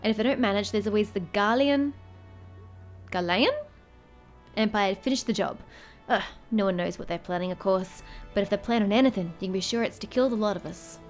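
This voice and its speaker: A hearty middle-aged tavern keeper from a fantasy port town, read out by a woman with a mid-range voice. He spins a gloomy yarn about the town's troubles in a loose, half-hearted rough accent. Faint game music plays underneath. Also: mid-range voice, fast talker, a little mellow, lightly acted. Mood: storytelling. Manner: reads lines aloud with a brief attempt at a rough accent.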